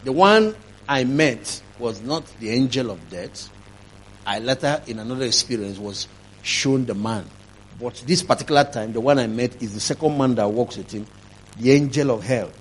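A man preaching a sermon, telling a testimony, swinging from quiet telling to loud, emphatic preaching. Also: lively intonation, normal speed, slight background noise. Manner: rising to loud emphatic preaching, then dropping low.

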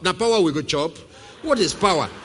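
A man preaching a sermon, who puts questions to the congregation and swings from forceful to hushed. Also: high voice, expressive, brisk, slightly rough. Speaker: pastor. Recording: reverberant hall.

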